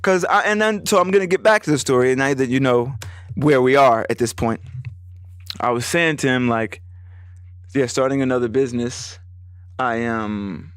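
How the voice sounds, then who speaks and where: A man hosting a podcast and telling a story casually, animated and profane, jumping high in pitch when he quotes others. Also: normal speed, pauses often, clean tone, no room sound, clean studio sound. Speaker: podcast host; business owner.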